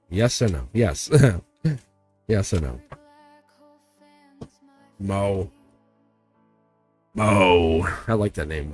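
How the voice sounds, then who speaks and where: A man hosting a live-streamed tarot reading. He talks straight to his viewers in an animated, chatty way and laughs often. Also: fairly high pitch.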